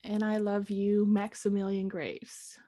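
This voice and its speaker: A woman's voice: medium pitch, monotone, measured pace, warm tone, natural voice. A woman playing a teasing young adventurer. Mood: tender.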